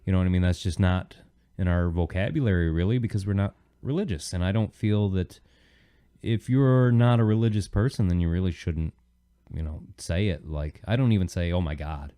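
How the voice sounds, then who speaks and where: A man's voice: low-pitched, a little fast, mellow, clear, resonant tone. A man hosting a podcast, chatting casually and telling a story in a rambling way, with many "you know"s. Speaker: podcast host. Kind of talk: casual chat.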